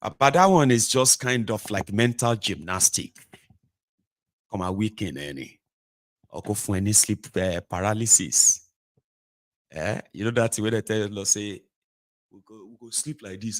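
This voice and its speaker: A Nigerian man hosting a casual livestream monologue from a home studio, animated, slipping into pidgin and acting out little scenes. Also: on the low side, moderate pace, dry recording. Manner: animated, mixes pidgin and Yoruba, acts out voices. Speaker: host.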